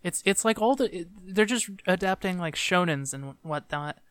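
Smooth-voiced man ranting on a podcast. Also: sits high, animated, moderate pace, fairly bright tone, no echo. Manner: ranting, exasperated complaining. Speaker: podcast co-host. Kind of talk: casual chat.

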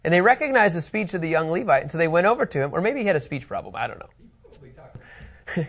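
A man's voice: a little high, fairly quick, gravelly, pauses often, husky. A middle-aged man teaching a Bible study lesson in a conversational, joking way. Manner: conversational, animated, jokey.

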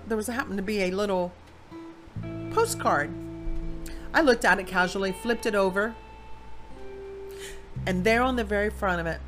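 A woman from Ohio gives a personal faith testimony, animated storytelling with voiced quotes. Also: mid-range voice. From Ohio, USA. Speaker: Christian speaker.

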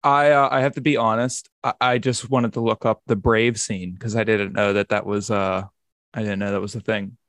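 A man's voice: fairly low pitch, flat delivery, moderate pace, a bit bright, no echo. A man hosting a podcast in casual chat, rambling and often restarting his sentences. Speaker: podcast host.

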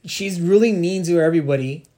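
A man's voice: fairly high pitch, a little fast, warm tone. Congested man teasing in casual chat. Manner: teasing, laughing. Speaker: podcast co-host.

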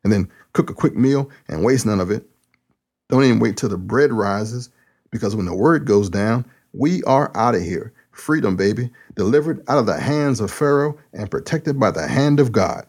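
A man who also preaches hosts his own podcast alone, chatting in a folksy, excitable way. His voice sits low and has a husky, gravelly edge. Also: normal speed. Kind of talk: casual solo monologue.

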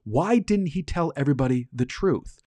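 A man in his forties hosting a podcast, recapping a TV episode and playing out the lines with enthusiasm. His voice sits fairly high but sounds mellow and dark, recorded dry and close. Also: lively intonation, moderate pace, no room sound. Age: 40s. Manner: enthusiastic, acts out quoted lines. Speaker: podcast host.

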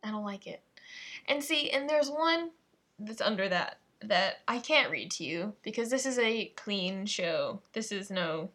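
Giggly, husky-voiced woman podcaster. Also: mid-range voice, expressive, a little slow, a bit bright. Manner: giggly, playful, self-mocking. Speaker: podcast host. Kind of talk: casual solo podcast chat.

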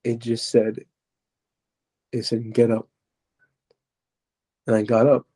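A young man telling his personal testimony as a podcast guest, halting and restarting as he searches for words. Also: mid-range voice, level tone, warm tone.

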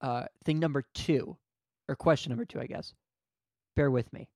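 Playful, deadpan podcast co-host, a man. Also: mid-range voice, vocal fry, no echo, clean studio sound. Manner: playful, deadpan joking questions, fast then drawn-out. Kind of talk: casual podcast chat.

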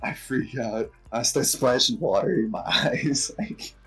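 A young man tells a story in an easygoing chat, with a slightly husky voice. He acts out the people he quotes and laughs as he goes, while faint music plays underneath. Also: mid-range voice, measured pace, a bit bright.

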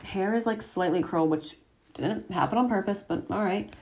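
A woman's voice: mid-range voice, normal speed, a little mellow. A teenage girl chatting casually to the camera at home while getting ready at a mirror, rambling and poking fun at herself. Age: teens. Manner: chatty, self-deprecating, rambling asides. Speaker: vlogger.

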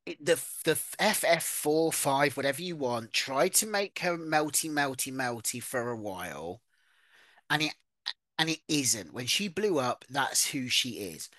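Co-host, expressive chatty gossip, dry close mic. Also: mid-range voice, a little slow, no room sound. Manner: animated, swearing, gossipy storytelling. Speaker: podcast co-host. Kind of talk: casual chat.

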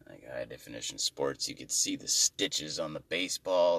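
Low-voiced male comic, exasperated rambling rant, dry off-mic sound. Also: animated, normal speed, few pauses, pushed and bright, no echo, distant mic.

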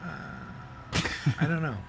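A man's voice: takes it slowly, background noise. A man co-hosting a podcast in casual chat, playful and teasing, laughing often. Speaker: podcast co-host.

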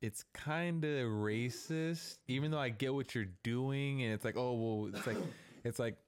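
A young man talking casually on a podcast, quick and rambling with many restarts. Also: mid-range voice, clear, resonant tone. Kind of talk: casual chat.

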